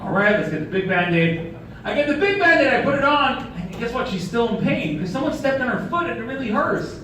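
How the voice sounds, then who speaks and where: A high-voiced man delivers a sermon, mixing light stories with rhetorical questions. He is recorded from a distance in a very echoey hall, with faint noise behind him. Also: sing-song, a little fast, pushed and bright. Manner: storytelling with humor and rhetorical questions. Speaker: rabbi.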